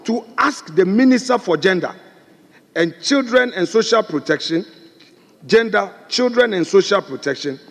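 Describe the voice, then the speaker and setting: A man's voice: high voice, animated, normal speed, creaky. A man, the minority leader, pressing a question insistently during a parliamentary debate. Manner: insistent, repeats his challenge. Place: large parliament chamber. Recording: long reverb of a large chamber.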